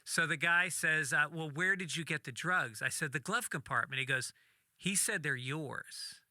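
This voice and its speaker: A man, a comedian, telling a story in casual talk, animated and acting out the voices of the people in it, with some swearing. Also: on the high side, moderate pace, no room sound, clean studio sound. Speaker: podcast guest, comedian.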